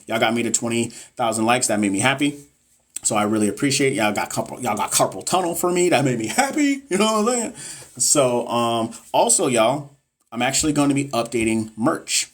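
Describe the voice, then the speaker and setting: A man tutoring nursing exam students on a casual livestream, reading viewer comments and chatting loosely with lots of fillers. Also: mid-range voice. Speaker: NCLEX tutor and course seller. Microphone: phone or webcam on a livestream.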